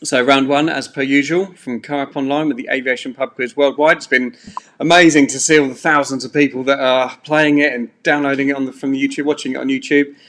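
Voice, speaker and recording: Guy hosting a pub quiz stream from his bedroom, chatty and rambly, lots of ums, middle pitched voice. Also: steady tone, a little fast, fairly bright tone. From England. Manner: chatty, rambling, loose with fillers. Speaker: quiz host. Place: home bedroom.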